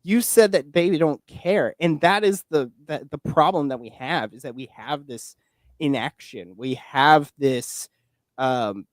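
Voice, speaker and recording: A young man in his twenties talks politics in a loose, rambling way, full of fillers and restarts. His voice sits a little high for a man. The sound is close and dry. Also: a little slow, dry recording. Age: 20s. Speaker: podcast guest and political commentator. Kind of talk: casual political chat.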